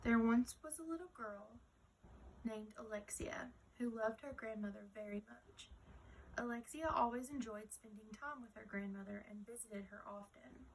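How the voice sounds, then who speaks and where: Woman storyteller, fairly high, gravelly voice, soft reading of a children's tale. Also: moderate pace, a little hiss or hum.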